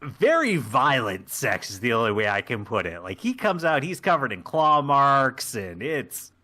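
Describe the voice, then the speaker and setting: A man's voice: medium pitch, big pitch swings, moderate pace, pushed and bright. A man co-hosting a podcast, casually recapping a show in a rambling way, with lots of fillers. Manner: rambling, many fillers, acts out scenes. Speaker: podcast co-host.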